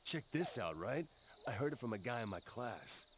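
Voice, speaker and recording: A man voicing a brash, gruff teenage delinquent boy who curses and flares up fast, in video game dialogue. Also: mid-range voice, very animated, noisy background, natural voice. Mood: annoyed. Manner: gruff, cursing, quick to anger. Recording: game dialogue over loud music. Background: game music.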